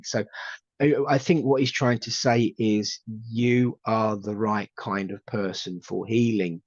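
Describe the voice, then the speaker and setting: Man, psychic medium, low voice, hesitant and repetitive, dull dry recording. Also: steady tone, no room sound. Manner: halting, many fillers and repeated words. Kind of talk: live spirit reading.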